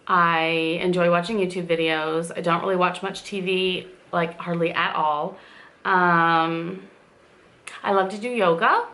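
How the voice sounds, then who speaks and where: A woman's voice: on the low side, creaky, pushed and bright. A woman in her forties from southern Indiana with a slight southern twang, chatting casually to camera at home as she rambles through viewer questions with lots of fillers. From southern Indiana, USA. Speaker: vlogger answering viewer questions.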